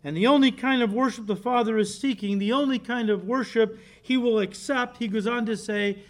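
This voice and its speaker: High-voiced emphatic male pastor preaching. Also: fairly bright tone. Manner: emphatic, repeats key words for stress; addresses the congregation directly. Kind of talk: sermon.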